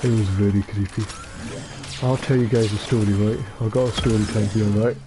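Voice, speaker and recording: A young man with a Scottish accent, sounding tired, keeps up casual talk during his online matches, wandering off topic, joking and swearing freely. The voice is lowish and steady, a little quick, against a noisy background.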